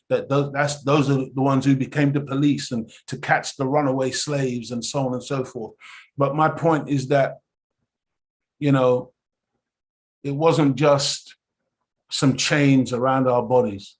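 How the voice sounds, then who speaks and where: A man giving an impassioned, preacherly lecture to a study group, often checking in with "okay?" and calling his listeners family. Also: mid-range voice.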